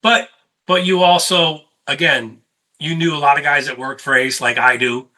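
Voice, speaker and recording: A man hosting a casual sit-down conversation and telling lively tour stories. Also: fairly high pitch, moderate pace, rough recording. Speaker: host; touring musician.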